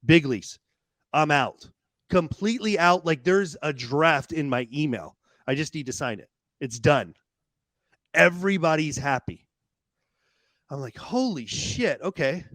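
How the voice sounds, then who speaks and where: Guy on a podcast telling his story, animated, cusses a lot, trips over his words, dry close mic. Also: on the high side, measured pace, no room sound. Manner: animated, swears freely, repeats words while racing ahead. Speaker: podcast guest. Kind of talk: casual storytelling.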